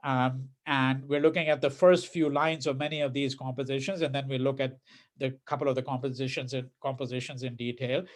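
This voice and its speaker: A man's voice: medium pitch, little pitch movement, fairly quick. A man lecturing a class in a conversational way, often asking "right?" and acting out quoted lines in a mocking tone. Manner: conversational, checks in with "right?", repeats words; reads quoted verses in a mocking voice. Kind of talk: university lecture.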